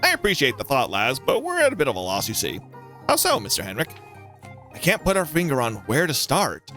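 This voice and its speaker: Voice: mid-range voice, huge pitch swings, a little fast, pushed and bright. A let's-play streamer voicing a worried, folksy village man in a story game, over faint music. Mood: concerned.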